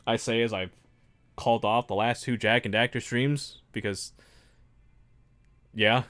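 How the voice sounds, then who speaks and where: A man's voice: medium pitch, fairly even intonation, measured pace, long pauses, a bit bright. A man hosting a casual livestream while building a model kit. He rambles, mocks himself and laughs often.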